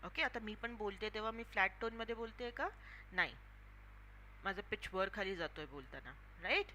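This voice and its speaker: Fast-talking teacher. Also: female voice, medium pitch, expressive, bright, forceful tone, a little hiss or hum, poor audio. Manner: explanatory, frequent checks with "okay". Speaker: English teacher. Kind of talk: online class lecture.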